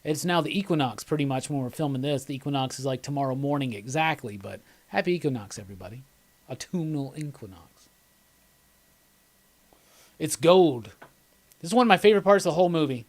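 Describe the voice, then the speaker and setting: Rambling, excitable male movie commentator. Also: fairly high pitch, brisk, long pauses. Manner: enthusiastic, rambling, often laughing; chats with viewers by name. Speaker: host of live movie commentary. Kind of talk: casual live commentary.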